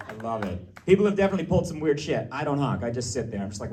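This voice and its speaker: A man from Massachusetts doing a stand-up comedy set before a live audience, chatty and riffing, breaking into shouted rants. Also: on the high side, animated, quick pace, recorded from a distance, noisy background.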